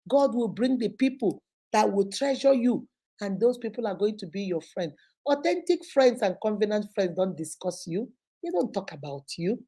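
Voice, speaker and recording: A middle-aged Nigerian woman hosting a live show, giving an animated motivational talk with a husky voice. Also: mid-range voice, moderate pace. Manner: animated, preachy, with mimicked voices. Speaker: host.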